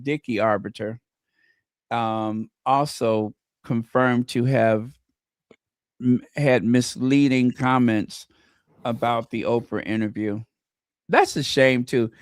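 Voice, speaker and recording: A man co-hosting a casual gossip chat, animated and mocking, breaking into impressions. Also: mid-range voice, clean tone, no room sound, studio quality. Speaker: co-host.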